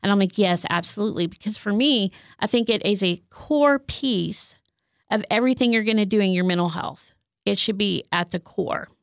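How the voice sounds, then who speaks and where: A woman's voice: medium pitch, moderate pace, gravelly, no echo, clean studio sound. A woman who works as a counselor, speaking in an earnest, heartfelt way about her faith. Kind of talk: reflective faith talk.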